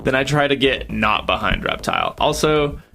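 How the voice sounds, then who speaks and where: Bright-voiced male tabletop player. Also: mid-range voice, lively intonation, normal speed, creaky, faint music behind. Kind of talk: casual tabletop play.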